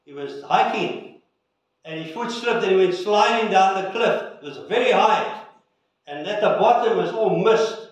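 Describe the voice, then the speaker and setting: A male pastor giving an earnest sermon and prayer with measured pauses, recorded in a church sanctuary. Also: high voice, lively intonation. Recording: echoey church from a distance.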